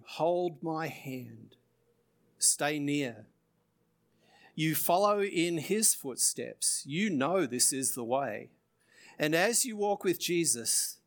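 A male pastor closing his sermon, reciting a rhyming poem slowly and earnestly, then leading a prayer. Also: a little high.

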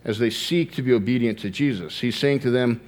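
A man preaching a sermon, earnest, slowing down to stress key phrases and rising in pitch as he tells a story. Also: a little mellow, slight background noise.

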